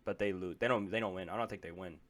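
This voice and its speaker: A young man co-hosting a casual podcast, reasoning out loud with lots of fillers. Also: low-pitched. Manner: fast, filler-heavy reasoning. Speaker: podcast co-host. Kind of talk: casual chat.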